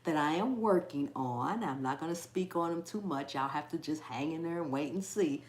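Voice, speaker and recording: A woman's voice: low voice, normal speed, darkish tone, roomy sound. A woman hosting a casual live chat with her viewers, laughing often at herself and tripping over a word she repeats. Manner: trips over words and repeats them. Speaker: cooking channel host.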